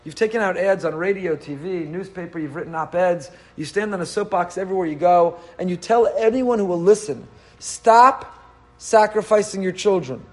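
Male rabbi type, higher-pitched, lively lecturing delivery. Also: a little fast, hardly any pauses. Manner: animated, rhetorical questions, mixes Hebrew and Yiddish terms. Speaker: rabbi teaching the weekly Torah portion. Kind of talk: Torah class lecture.

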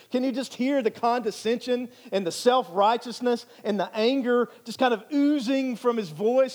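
A man's voice: extremely high pitch, normal speed, hardly any pauses, darkish tone. A male pastor preaching a sermon in an earnest, emphatic way, repeating phrases for emphasis.

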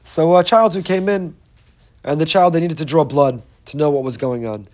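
A man's voice: a little high, moderate pace, darkish tone. Earnest man giving a Torah talk. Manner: earnest, emphatic storytelling with repeated phrases. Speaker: Torah teacher.

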